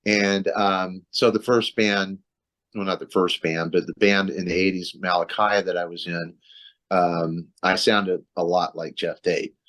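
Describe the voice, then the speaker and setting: A man's voice: low voice, level tone, a little slow, fairly bright tone. A man, a metal singer, talking loosely about his career on a video call, with lots of restarts and fillers. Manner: rambling, many restarts and fillers. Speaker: metal vocalist, interview guest. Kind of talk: casual video-call interview.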